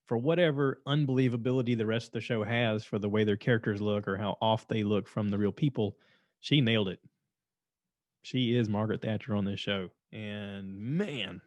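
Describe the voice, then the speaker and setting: A man with a voice on the low side hosts his own podcast, recorded dry. In a casual monologue reviewing shows, he rambles, voices strong opinions and repeats himself.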